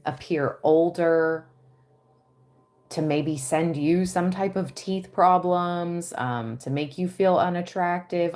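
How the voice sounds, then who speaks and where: A woman giving a tarot reading on a livestream, dreamy and excitable, often breaking into giggles. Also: on the low side. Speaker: tarot reader.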